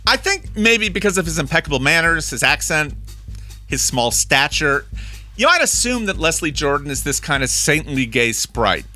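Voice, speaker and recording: A man hosting a podcast, chatty and quick to laugh, asking his guest probing questions and reading a short intro. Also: on the high side, big pitch swings, bright, forceful tone, faint music behind. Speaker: podcast host. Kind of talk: interview and scripted intro narration.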